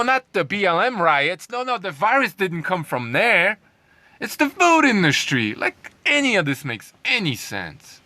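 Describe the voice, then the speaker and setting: In a high, sharp-toned voice with no echo, a male commentary vlogger reads news lines aloud and tears into them. His rant is heated and sarcastic, punctuated by scornful laughs.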